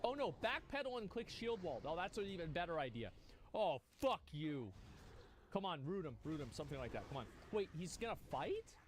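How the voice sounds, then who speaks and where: A man's voice: high-pitched, sing-song, fast, few pauses, a little hiss or hum. A young man streaming a game, giving exasperated live commentary, swearing and stammering as he watches other players.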